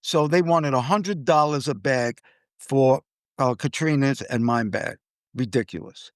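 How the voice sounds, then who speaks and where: An older man telling a travel story in casual chat, animated, acting out the people he quotes. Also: measured pace, no echo, studio quality. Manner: animated, acts out quoted people with jumps in pitch.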